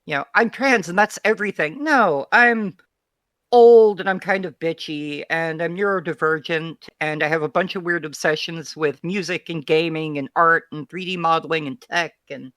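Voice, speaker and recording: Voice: mid-range voice, normal speed, fairly bright tone, no echo, clean studio sound. An interview guest speaking frankly and bluntly in long, unbroken runs of casual talk.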